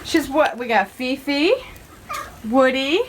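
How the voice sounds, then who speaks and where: A woman's voice: high-pitched, takes it slowly, background noise. A woman filming her pets on a homestead, talking to them in a doting, laughing way. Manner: doting, laughing, sing-song praise. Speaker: homestead vlogger. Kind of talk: casual talk to pets while filming.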